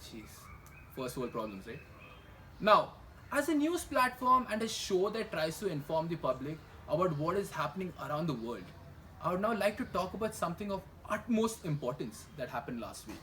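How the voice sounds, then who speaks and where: A young man delivers a comedy news monologue in a fairly high voice. His pitch swings widely as he tosses off sarcastic asides and rhetorical questions. A faint hiss sits under the recording. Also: very animated, moderate pace, bright, forceful tone, poor audio. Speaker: comedy news show host.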